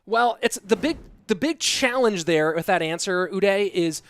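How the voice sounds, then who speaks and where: A man's voice: high voice, animated, fairly bright tone, no echo. Chatty male esports caster. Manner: chatty, joking, quick play-by-play. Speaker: esports caster and stream host. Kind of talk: live game commentary and chat reading.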